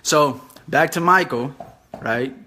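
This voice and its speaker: A man's voice: a little high, takes it slowly, bright, forceful tone, slight background noise. A young man casually explaining a real estate deal, loose and profane as he sketches it out. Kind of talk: casual whiteboard tutorial.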